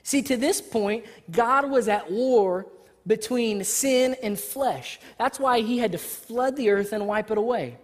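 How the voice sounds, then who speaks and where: A woman preacher giving a sermon in a church, animated and conversational, with jokes. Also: on the high side, measured pace. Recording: reverberant hall.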